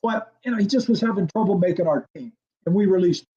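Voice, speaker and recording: A man's voice: sits high, fast, muffled recording. An older man, a former football coordinator, telling a story as an interview guest and acting out the dialogue. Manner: animated storyteller, acts out quoted dialogue, laughs often.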